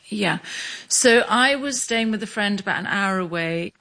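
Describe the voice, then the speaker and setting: A middle-aged woman from Scotland telling her story in an interview, measured, with small restarts. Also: mid-range voice, vocal fry, bright, forceful tone. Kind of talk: reflective interview.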